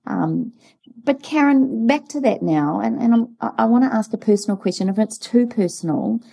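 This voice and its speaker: A woman in her forties, co-hosting a casual chat and telling stories with lively, acted-out dialogue. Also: fairly high pitch, moderate pace, creaky, breathy edge. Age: 40s. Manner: animated storyteller, acts out dialogue. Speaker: podcast co-host.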